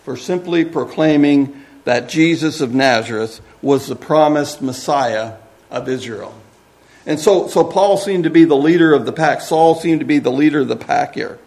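Earnest preacher man, slightly high voice. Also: normal speed, a little mellow. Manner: earnest, repeats words as he speaks. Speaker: pastor. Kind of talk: sermon.

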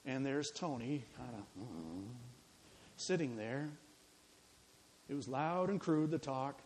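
Animated preaching man telling a story. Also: medium pitch, takes it slowly, poor audio. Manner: animated, dramatic storytelling with quoted dialogue. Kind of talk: sermon storytelling.

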